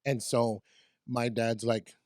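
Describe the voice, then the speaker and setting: A man in his forties telling stories in a casual podcast interview, animated and acting out quotes in different voices. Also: medium pitch, slow pace, no echo, clean studio sound. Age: 40s. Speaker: radio DJ guest. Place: podcast studio.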